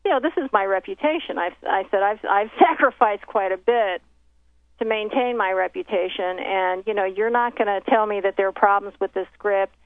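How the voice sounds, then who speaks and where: A woman's voice: medium pitch, moderate pace. A woman recounting a professional story in casual conversation, acting out the voices of the people she quotes. The sound comes through a thin, tinny phone line. The recording is dry, with no room echo. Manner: animated retelling with many quoted exchanges and restarts. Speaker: documentary filmmaker telling her story.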